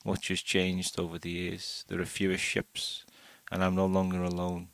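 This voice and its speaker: A man reading a first-person short story aloud in a steady, unhurried way. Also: sits low, gravelly, clean tone, dry recording. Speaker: audiobook narrator.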